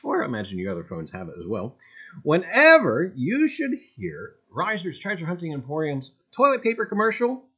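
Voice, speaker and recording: This is a man running a casual livestream, calling out viewers by name with hammy enthusiasm. His voice sits a bit high and leaps wildly up and down. The audio is dull and low-fi. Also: wildly swooping pitch, a little fast, husky. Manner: exuberant, greets chatters one by one with sudden loud jumps in pitch; repeats catchphrases like "gang" and "I tell you". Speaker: livestream host.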